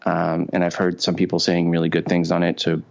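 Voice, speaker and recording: A man's voice: low voice, monotone, fairly quick, creaky. A man with a New York accent co-hosting a podcast, chatting casually with repeated words and sarcastic asides. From Long Island, New York. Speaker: podcast co-host. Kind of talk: casual chat. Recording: dull lo-fi sound.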